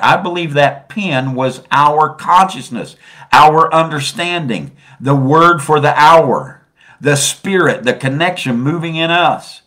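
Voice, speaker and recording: A man preaching a sermon, swinging between soft and loud and stretching out phrases for emphasis. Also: mid-range voice, sing-song, slow pace.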